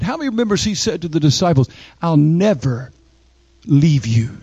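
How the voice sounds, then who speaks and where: A man preaching a sermon, emphatic, with dramatic pauses and sweeping rises in pitch. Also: sing-song, mellow, breathy edge, dry recording, lo-fi sound.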